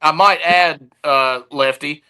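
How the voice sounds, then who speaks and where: A man who heads a security firm, talking casually as a podcast guest. His voice is very bright and forceful and sits slightly high. He tells stories in an easygoing, energetic way. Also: takes it slowly, clear, resonant tone, low-quality recording.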